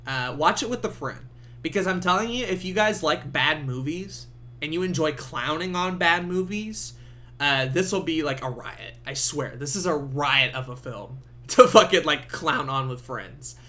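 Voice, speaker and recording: Bright, animated young man reviewing a movie. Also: fairly high pitch, moderate pace. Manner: swearing, laughing, animated storytelling. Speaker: podcast host. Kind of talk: casual solo movie review.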